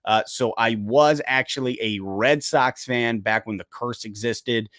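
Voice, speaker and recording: Excitable young man hosting a live chat. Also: mid-range voice, a little slow, no room sound, clean studio sound. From United States. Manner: casual, excitable, talks to chat directly. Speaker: sports channel host. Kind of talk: live stream chat answering viewer questions.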